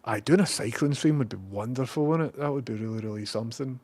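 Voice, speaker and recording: A Scottish man chatting casually on a live stream. He rambles, swears freely and now and then bursts out loudly. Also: medium pitch, fast talker, no room sound. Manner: rambling and profane, with bursts of loud excitement.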